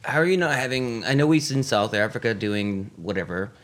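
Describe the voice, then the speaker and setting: Man, lowish voice, casual podcast talk, hesitant. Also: a little fast, fairly bright tone. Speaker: podcast co-host. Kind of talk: casual chat.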